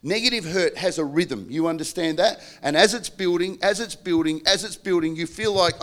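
Middle-aged male pastor, earnest sermon delivery, fairly high voice, breaks into shouted role-play. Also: brisk, few pauses. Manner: earnest, acts out couples' quarrels in bursts of shouting.

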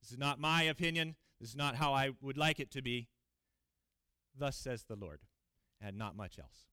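A man's voice: medium pitch, moderate pace, pushed and bright, clear, resonant tone, dry recording, studio quality. A man preaching a sermon in church, reading scripture aloud and explaining it in an earnest, emphatic way with frequent fillers and restarts.

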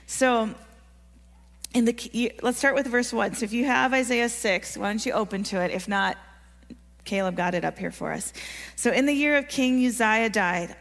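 A woman delivers a sermon in an earnest, encouraging tone, her voice sitting a little high. She keeps turning to the congregation with questions. The sound carries the long reverb of a large church hall. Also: a bit bright. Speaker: preacher. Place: church sanctuary.

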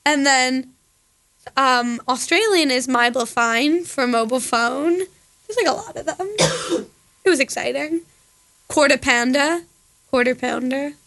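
A high-pitched young woman chatting casually as a podcast co-host. She giggles a lot and strings her thoughts together with constant fillers. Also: fairly bright tone. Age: young adult. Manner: giggly, talks fast with lots of fillers, slips into put-on accents. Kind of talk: casual chat.

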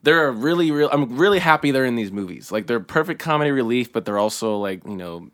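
Excitable fast-talking man. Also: medium pitch. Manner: excitable, animated, swearing. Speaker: podcast co-host. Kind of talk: casual film chat.

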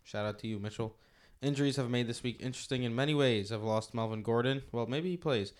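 A man's voice: mid-range voice, fast. A young man hosting on a podcast mic, with an easy, laid-back delivery. He reads out listener questions and chats through the answers in a casual tone. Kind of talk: casual sports chat. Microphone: studio mic.

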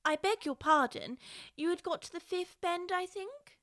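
A woman's voice: extremely high pitch, moderate pace, a bit bright, pitched above the performer's own voice. A woman voicing an eager, earnest little girl in a storybook.

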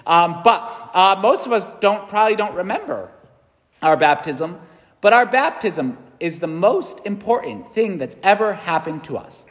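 A man's voice: sits high, lively intonation, unhurried, fairly bright tone. A man in his thirties, a priest giving a conversational, earnest sermon in a large church, often checking in with "right?". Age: 30s. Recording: long church reverb.

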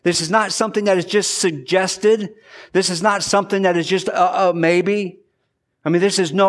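A male pastor preaches in an earnest, deliberate way, circling back and repeating phrases to stress a point. His voice sits a little higher than most men's. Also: fairly even intonation. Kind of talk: sermon.

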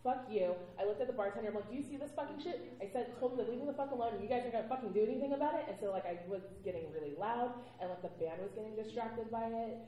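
A woman on a convention panel, telling blunt, animated stories and acting out what people said. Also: fairly high pitch, very fast, few pauses, very echoey, slight background noise, poor audio. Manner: blunt, animated storytelling with acted-out quotes.

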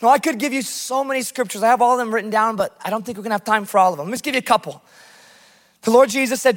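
A very high, somewhat bright male voice moves at a quick pace as an American pastor preaches fervently about his missions work. The recording carries the long reverb of a church hall.

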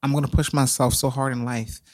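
A man co-hosting a podcast, talking in an animated, dramatic and emotional way, close to tears at times. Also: medium pitch, fairly quick. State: tearful. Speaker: podcast co-host. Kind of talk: casual podcast chat.

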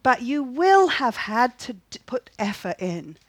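An earnest woman preaching, her voice sitting a little high, stressing points by saying them twice and checking in with questions to her listeners. The sound is dry and close, with no room echo. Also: very animated, a little slow. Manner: earnest, repeats key phrases, asks the listeners questions. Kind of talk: sermon.

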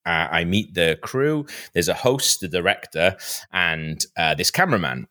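Animated low-voiced man telling a story. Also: normal speed. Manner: animated, lots of fillers and restarts, laughs often. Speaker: podcast host. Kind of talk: casual storytelling.

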